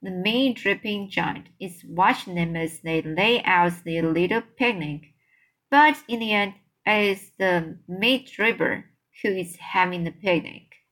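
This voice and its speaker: A woman reading a children's book aloud, voicing a huge gentle old male giant who talks slowly and mixes up his words. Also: lowish voice. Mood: storytelling. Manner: slow, drawn-out speech with jumbled words.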